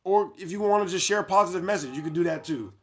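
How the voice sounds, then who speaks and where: A man's voice: high-pitched, fast. A man hosting a livestream, reading chat comments aloud in a brash, mocking way and laughing at his own jokes. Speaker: livestream host.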